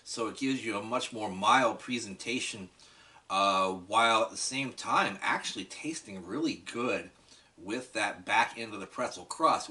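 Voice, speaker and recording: A man's voice: fairly low pitch, bright, forceful tone, recorded from a distance. A man chatting enthusiastically through a casual food review, talking straight to his viewers.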